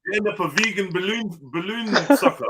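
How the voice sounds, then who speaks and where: A man hosting a live panel stream, talking in an animated, incredulous, joking way full of slang. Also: high voice, brisk, a loud crowd. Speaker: live panel show host. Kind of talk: casual live-stream chat.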